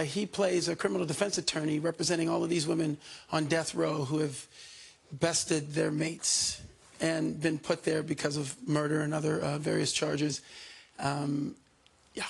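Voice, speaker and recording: A man's voice: a little high, little pitch movement, moderate pace, vocal fry, slightly rough. A man, an actor, chatting easily as a talk show guest. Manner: easygoing, playful, drawling. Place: TV studio.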